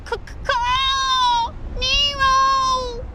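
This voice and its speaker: A woman's voice: flat delivery, extremely slow, heavy background noise, exaggerated voice. Woman shrieking as a cawing seagull. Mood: shrill calling. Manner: high shrill shouted cawing. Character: loud female seagull calling out. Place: outdoors on a beach by a port.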